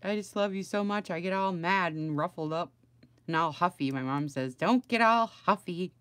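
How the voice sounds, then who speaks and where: A woman's voice: fairly low pitch, fairly even intonation, moderate pace, a bit bright, clear, resonant tone, no room sound. A middle-aged woman chatting casually on a home crafting livestream, rambling and greeting viewers by name.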